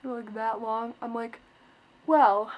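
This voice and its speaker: A teenage girl vlogs to her webcam about a bad experience, her voice sitting a touch high. She rambles in a chatty way with plenty of "like," slipping into quoted voices and sounding increasingly exasperated. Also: steady tone, unhurried, muffled recording, slight background noise. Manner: chatty, retells scenes with quoted voices, lots of "like"; exasperated, complaining. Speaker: vlogger. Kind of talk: casual storytelling vlog.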